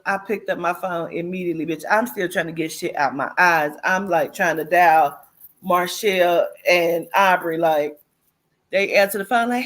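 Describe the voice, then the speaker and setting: A woman casually recounting a vivid dream, animated and profane, acting out what people said. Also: fairly low pitch, a little slow. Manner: animated, profane, acts out quotes. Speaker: host. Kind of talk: casual storytelling.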